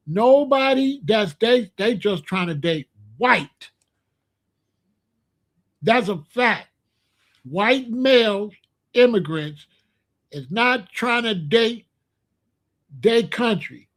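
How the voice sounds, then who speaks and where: High-voiced blunt man on a livestream. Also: slow, pauses often, a bit bright. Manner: blunt, repetitive, asks the chat questions. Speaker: livestream host. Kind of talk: casual livestream monologue.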